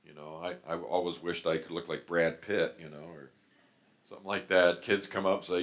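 An older man preaching a sermon, telling his own story with fervent, sudden loud outbursts. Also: sits low, little pitch movement, a little fast. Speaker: pastor.

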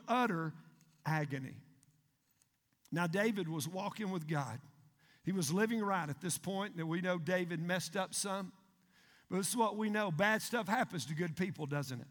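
A male pastor, preaching a sermon in an animated, emphatic way and asking the congregation questions. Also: high-pitched. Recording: long hall reverb.

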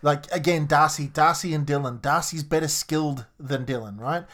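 An Australian man with a slightly raised pitch, co-hosting a sports podcast in casual chat. His talk rambles and doubles back, with words said twice as he works out his point. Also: normal speed, fairly bright tone. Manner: chatty, rambling, repeats words. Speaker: podcast co-host.

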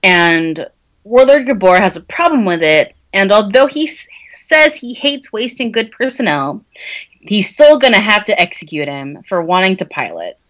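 A woman's voice: mid-range voice, very animated, normal speed, a bit bright. A woman co-host with an ordinary mid-range voice. She recaps a story in casual, chatty podcast talk, often breaking into laughter. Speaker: podcast co-host summarizing the book. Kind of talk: casual chat.

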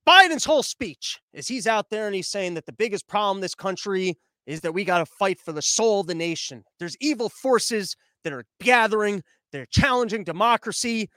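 A man's voice: sits high, big pitch swings, normal speed, hardly any pauses, pushed and bright, dry recording. A man comedian giving a rambling, sarcastic monologue with lots of fillers, recorded in his living room. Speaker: comedian hosting daily briefings. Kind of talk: casual comic monologue.

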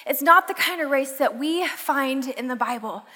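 High, bright young woman in a hall. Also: normal speed. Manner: chatty and animated, acting out her own past lines. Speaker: youth speaker. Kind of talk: sermon-style talk with personal story. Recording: long reverb of a large hall.

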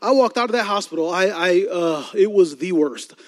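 In a large church auditorium with the long reverb of a big hall, a youth pastor tells a story during a sermon. His voice sits high at a moderate pace, and he's animated and lively, full of humor, energy and laughs.

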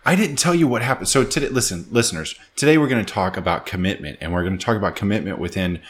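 A man's voice: lowish voice, quick pace. A man co-hosting a podcast in casual chat, upbeat and chatty, laughing easily. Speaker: podcast co-host.

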